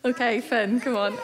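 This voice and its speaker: A young woman leading a children's church talk. She is playful and teasing and laughs often. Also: fairly high pitch. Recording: echoey hall with long reverb.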